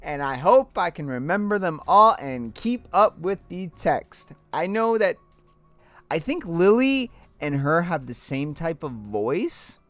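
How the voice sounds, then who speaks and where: A woman's voice: fairly low pitch, very animated, takes it slowly, no room sound, faint music behind. A young woman hosting a gaming channel, chatting casually and poking fun at herself as she plays. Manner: chatty and self-mocking. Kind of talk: casual let's play commentary.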